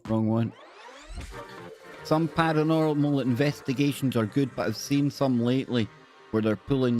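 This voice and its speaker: A man chats casually on his live stream, joking and calling out viewers by name. His voice sits at a middling pitch. Soft music plays faintly in the background. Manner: chatty and jokey, shouting out viewers by name.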